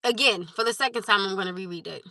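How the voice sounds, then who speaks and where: A woman's voice: mid-range voice, fast, pushed and bright, dry recording. A woman hosting a live stream, talking to her chat in an emphatic, insistent way and repeating her points. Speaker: livestream host.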